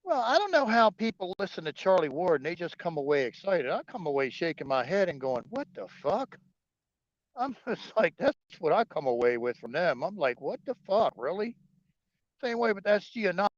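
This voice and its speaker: A man's voice: high-pitched, big pitch swings, brisk, hardly any pauses, no room sound. A man co-hosting a livestream, chatting casually, joking, swearing and laughing often. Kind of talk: casual political chat. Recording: dull lo-fi stream audio.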